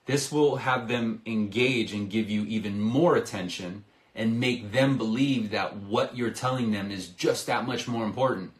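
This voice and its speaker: A man coaching salespeople in a live stream, talking in an energetic, persuasive way and acting out bits of sales dialogue. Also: on the low side, a little slow, roomy sound.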